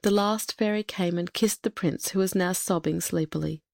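A woman narrating a fairy tale in a steady, expressive read-aloud manner. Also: fairly low pitch, moderate pace, vocal fry, no echo, clean studio sound. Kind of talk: storybook narration.

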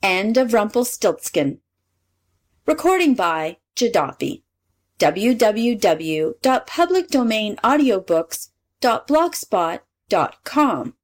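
A woman finishing a fairy tale for an audiobook. She reads slowly, her pitch rising and falling in a lively, lilting way. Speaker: audiobook reader. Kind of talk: storybook reading.

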